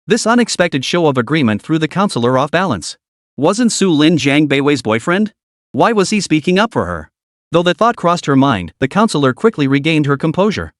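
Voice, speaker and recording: Lively higher-pitched male narrator. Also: fairly quick, dry recording, clean studio sound. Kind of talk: scripted story recap narration.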